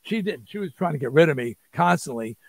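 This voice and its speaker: A man, telling an animated, rambling story as an interview guest and acting out quotes. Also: fairly high pitch, brisk, gravelly, no room sound. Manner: rambling, restarts, acts out quotes. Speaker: interview guest, rock singer.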